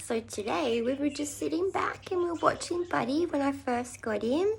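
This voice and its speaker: High cooing woman doing pet baby talk. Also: vocal fry, a little mellow, a little hiss or hum. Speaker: pet owner vlogger. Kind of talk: casual pet vlog.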